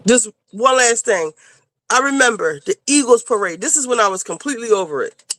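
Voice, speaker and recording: A woman's voice: on the high side, expressive, a little fast, a bit bright, no echo. A woman panelist in casual chat, talking bluntly and rambling with plenty of swearing. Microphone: video call.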